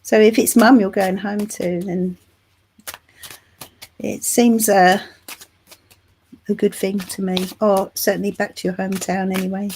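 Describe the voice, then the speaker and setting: In a mid-range, darkish voice with little pitch movement, a middle-aged Englishwoman reads tarot live, speaking a little slowly and pausing often, with a little hiss or hum. She's getting over the flu and hosts the channel, chatting warmly and calling viewers "love" and "darling."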